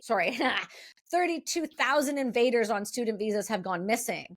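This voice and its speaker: Blunt, quick-talking woman host. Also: a little high, expressive. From Canada. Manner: blunt, fast-talking and opinionated. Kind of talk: casual sit-down interview.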